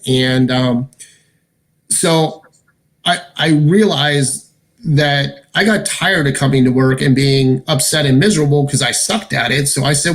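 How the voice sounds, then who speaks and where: A man chatting as a guest, telling stories in a lively, rambling way. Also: medium pitch, moderate pace. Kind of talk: casual chat.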